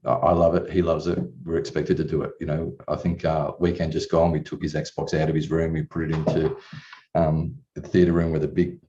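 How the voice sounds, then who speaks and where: Deep, mellow man telling his story. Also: level tone, brisk, slight background noise. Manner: earnest, emotional, casual swearing, many restarts. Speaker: client giving a testimonial. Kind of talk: candid personal storytelling. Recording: distant mic, dull lo-fi sound.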